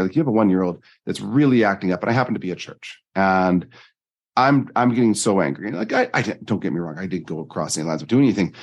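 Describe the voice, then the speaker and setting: A man, a life coach, telling personal stories in an earnest, animated interview style. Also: breathy edge. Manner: earnest, animated storytelling with jumps in pitch. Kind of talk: conversational interview storytelling.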